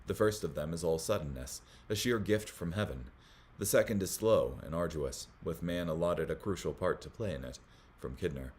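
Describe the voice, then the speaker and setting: A man hosting a Bible study, reading commentary aloud in a measured way, with small slips that he corrects as he goes. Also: sits low, darkish tone.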